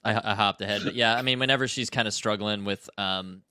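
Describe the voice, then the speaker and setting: A man co-hosting a casual podcast, talking in a relaxed, hesitant way with soft laughs. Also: lowish voice, brisk, clean tone, no room sound, clean studio sound. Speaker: podcast co-host.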